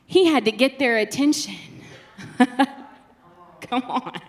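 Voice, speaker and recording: A woman, preaching a passionate sermon that swings between soft and loud. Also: a little high, expressive, slow, long pauses.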